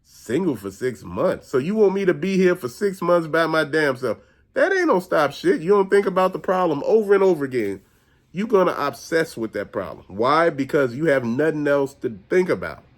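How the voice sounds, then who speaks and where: This channel host talks directly to his audience in a blunt, profane, moralizing rant. His voice sits slightly high, he's extremely animated, and his pace is normal.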